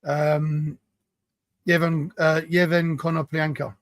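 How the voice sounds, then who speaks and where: Gravelly, laughing podcast co-host man. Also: on the high side, flat delivery, takes it slowly, dry recording. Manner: laughs a lot, swears, repeats names back. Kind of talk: casual banter.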